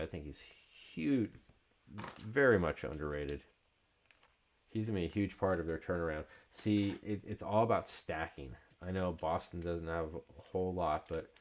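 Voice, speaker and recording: A man hosting a card break, chatting casually and calling out card names as he opens packs. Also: low-pitched.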